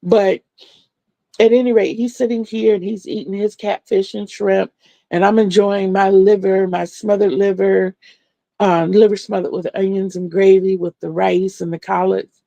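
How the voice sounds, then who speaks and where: A woman's voice: medium pitch, flat delivery, moderate pace, creaky, dark tone, no room sound. A middle-aged woman hosting a crochet livestream, telling stories in a chatty way and answering viewers' comments.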